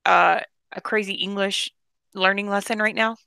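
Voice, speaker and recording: A woman's voice: mid-range voice, fairly even intonation, normal speed, creaky, bright, forceful tone, smooth, no echo. A woman in casual chat, blunt and joking as she rambles on.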